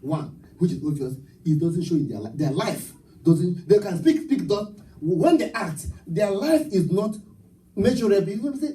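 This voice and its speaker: High, lively preaching man. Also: normal speed, distant mic, poor audio. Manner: rousing call-and-response preaching with rhetorical questions. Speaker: pastor. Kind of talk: sermon. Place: church sanctuary at a live service.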